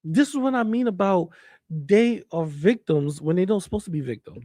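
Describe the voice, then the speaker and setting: Male streamer, angry rant; slightly raised pitch, dead-dry close mic. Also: expressive, normal speed, warm tone, dry recording. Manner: heated, repetitive, trash-talking, swears. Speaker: commentary streamer. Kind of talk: ranting commentary.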